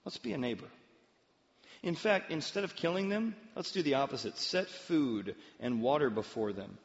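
Merciful prophet, as a male preacher plays him: gentle, measured, slightly high male voice, echoing hall. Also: expressive, creaky. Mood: calm, gentle. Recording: dull, long-reverb hall sound.

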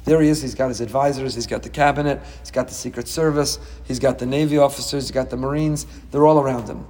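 A middle-aged man teaching a Torah class as a rabbi, dramatic and animated, with quick humorous asides. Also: mid-range voice, in a large hall.

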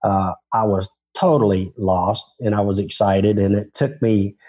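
Speaking in an unhurried, lowish voice that's dark and husky, this older Southern man from Memphis pokes fun at himself as he wanders through tales of his days as a touring golf pro. His intonation stays fairly even, and the setting is a relaxed interview.

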